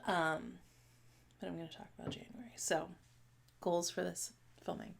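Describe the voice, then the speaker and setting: A woman's voice: lowish voice, fairly even intonation, gravelly, a little hiss or hum. A woman in her late thirties chatting casually to camera as a stitching vlogger, rambling with many fillers and restarts. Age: 30s. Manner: talks fast at times.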